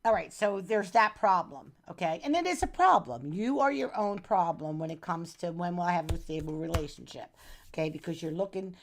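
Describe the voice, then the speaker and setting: Chatty woman with a low voice. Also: expressive, a little fast. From New Jersey. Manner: chatty, folksy, calls the viewer hon and doll. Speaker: astrologer reading a viewer's chart on a live stream. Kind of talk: casual live-stream reading.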